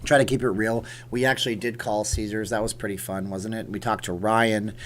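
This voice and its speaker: A man's voice: on the low side, steady tone, fairly quick, a bit bright, slight background noise. A man hosting a casual livestream, reading out viewer names and chatting loosely with a joking tone. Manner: chatty, reads viewer names aloud, jokey. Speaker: livestream host.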